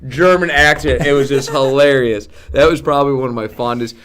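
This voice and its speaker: Male ex-player as co-host, animated storyteller, bright edge to the voice. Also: mid-range voice, fairly quick, smooth. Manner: animated storyteller, laughs through stories. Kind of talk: casual sports chat.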